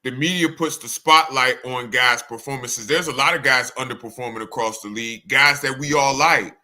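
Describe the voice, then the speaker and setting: A man's voice: medium pitch, normal speed, bright, forceful tone. A man co-hosting a sports podcast, laying out a reasoned, methodical argument. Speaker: podcast co-host. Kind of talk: sports debate monologue.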